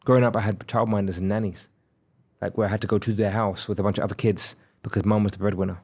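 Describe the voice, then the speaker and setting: Low-voiced man telling a personal story. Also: fairly even intonation, fast, darkish tone. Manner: candid, reflective, acts out quoted dialogue. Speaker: podcast guest.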